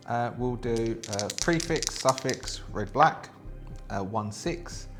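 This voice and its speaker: A man's voice: mid-range voice, expressive, slow, over music. Chatty man thinking aloud over game rules. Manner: chatty, thinks aloud with many fillers and restarts. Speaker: solo game host. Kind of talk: casual solo tabletop play, reading rules aloud.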